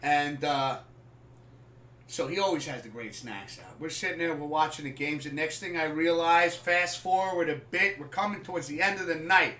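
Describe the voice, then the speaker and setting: A man hosting a live sports podcast, telling a story casually and animatedly, swearing freely and acting out scenes loudly. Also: a little high, moderate pace. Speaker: podcast host. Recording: echoey room, far from the mic.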